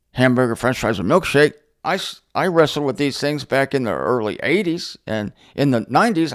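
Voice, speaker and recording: A middle-aged man teaching the Bible in an unscripted monologue, sarcastic and animated as he answers objectors directly. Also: fairly high pitch. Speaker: Bible teacher and show host.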